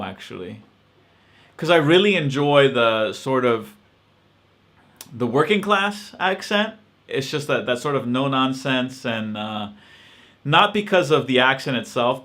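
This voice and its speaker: Male host, middle pitch, bright tense voice, thinks aloud with frequent fillers. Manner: hesitant, many ums and restarts, reflective. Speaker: channel host answering live-stream questions. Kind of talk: casual live-stream Q&A.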